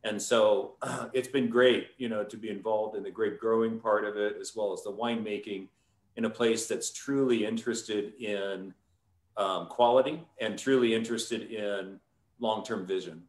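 A man with a low voice tells a story on a live stream, talking in a loose, rambling way and filling pauses as he goes. He works as a winemaker. His voice carries some room echo. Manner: relaxed, rambling with many fillers.

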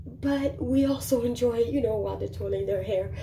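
A woman vlogger giving sassy, animated opinion commentary to the camera in a casual way. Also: on the high side, moderate pace, gravelly. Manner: sassy, animated, talks back to the subject. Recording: roomy echo with faint background noise.

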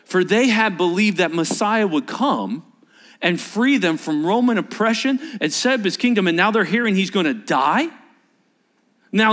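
A man's voice: high voice, fairly bright tone. A man preaching a sermon in church, dramatically acting out the voices of the people in his story. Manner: dramatic, acts out quoted disciples with shifting voices. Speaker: pastor.

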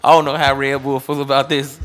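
Male DJ, casual interviewee, laid-back slang, lively when mimicking people. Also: medium pitch, brisk, slight background noise.

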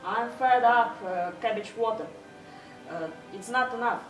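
A woman's voice: fairly high pitch, unhurried, close to an everyday voice. A woman playing a poor, hungry young boy in a school stage play, with plain, earnest delivery. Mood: pleading. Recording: echoey hall, from far off, music behind.

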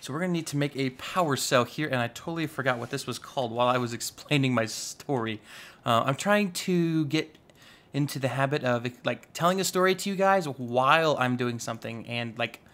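A man's voice: medium pitch, a little fast, fairly bright tone. A man giving casual, chatty commentary while playing a modded block-building game, rambling with playful asides. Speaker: Minecraft YouTuber.

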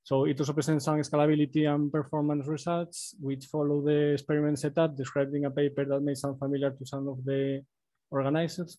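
A man's voice: medium pitch, mellow, dry recording. A man presenting a research poster over a video call, his computer microphone adjusting its own volume so he fades in and out. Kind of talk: online conference talk. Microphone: computer mic on a video call.

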